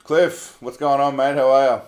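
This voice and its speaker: A man's voice: mid-range voice, steady tone, moderate pace. An Australian man hosting a casual livestream, reading viewer comments aloud in a laid-back, chatty way, swearing freely and calling people mate. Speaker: livestream host.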